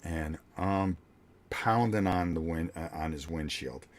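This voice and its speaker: Older man ranting in a deep voice. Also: measured pace. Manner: animated, blunt, profane storytelling with many restarts. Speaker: vlog host. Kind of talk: casual ranting story.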